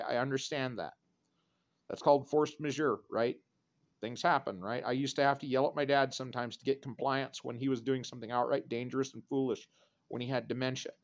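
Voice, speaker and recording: A man in his thirties rambling through a profane, sardonic vlog rant with dark jokes. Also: mid-range voice. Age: 30s. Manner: sardonic, profane, darkly joking. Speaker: vlogger.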